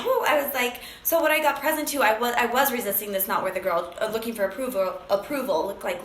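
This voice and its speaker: A woman's voice: a little high, fairly bright tone, echoey room, slight background noise, rough recording. A woman sharing an emotional personal story, acting out phone calls with many fillers. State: briefly tearful.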